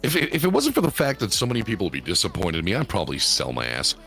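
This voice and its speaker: A man's voice: fairly low pitch, rapid-fire, soft background music. A man co-hosting a casual podcast, telling stories with lots of swearing and acting out other people in exaggerated voices. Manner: animated storytelling, acts out other people in swinging voices, swears a lot. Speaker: podcast co-host, streamer. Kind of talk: casual chat.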